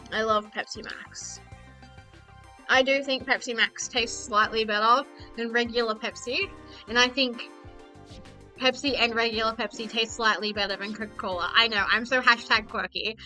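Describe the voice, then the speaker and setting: A chatty woman streamer talks casually over her game, swearing freely and joking at her own expense. Her voice is high and very bright, and soft music plays in the background. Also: fairly even intonation, a little slow, poor audio. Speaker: VTuber streamer.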